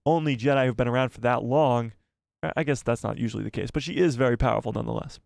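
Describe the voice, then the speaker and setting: Brief: male streamer, mid-pitched, chatty and easygoing, reads chat aloud, close dry headset sound. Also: fast talker, creaky, darkish tone, no room sound. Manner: chatty, laughs often, talks to viewers by name. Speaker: live stream host. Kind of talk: casual live-stream chat reading viewer messages.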